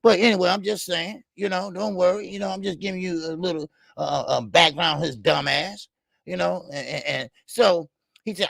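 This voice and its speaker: A middle-aged boxing show host with a high, gravelly voice delivers a heated, profane rant. He repeats lines for emphasis and stops to shout out viewers in the chat. The sound is dry and close. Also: normal speed, no echo. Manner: profane, heated, repetitive ranting. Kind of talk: live stream rant reading chat.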